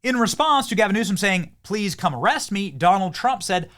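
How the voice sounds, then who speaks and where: A man's voice: high voice, animated, moderate pace, fairly bright tone. A man hosting a political commentary show, speaking in a heated, emphatic and combative way. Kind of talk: opinion commentary.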